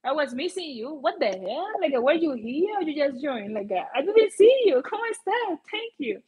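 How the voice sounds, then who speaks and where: Speaking at a normal pace, this vlogger has a high, very animated voice with a somewhat mellow quality. She's a native Spanish speaker with a Colombian accent, chatting casually on a livestream and frequently reaching for English words.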